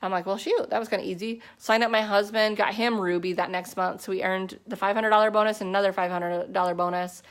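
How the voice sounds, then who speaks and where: A woman's voice: mid-range voice, fairly even intonation, fast, hardly any pauses. A woman in her thirties telling her personal story to a team in a casual, chatty way, with many fillers and restarts. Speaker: network marketing distributor.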